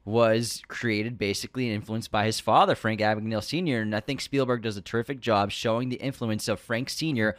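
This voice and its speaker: A man's voice: on the low side, fairly quick, few pauses, dry recording. A man casually discussing a film as a podcast co-host, enthusiastic as he lists and praises.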